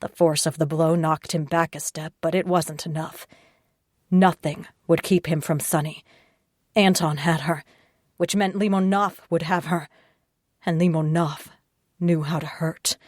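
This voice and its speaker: Woman reading an audiobook, slow and steady, lowish voice, dry close sound. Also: dry recording. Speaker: audiobook narrator. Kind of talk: audiobook narration.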